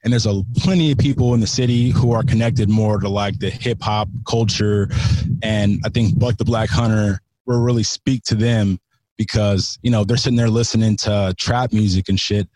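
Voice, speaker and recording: A fairly low, steady voice at a moderate pace, a little mellow, belongs to a man from California appearing as a podcast guest. He chats loosely in slang, swears freely, and often starts his sentences over.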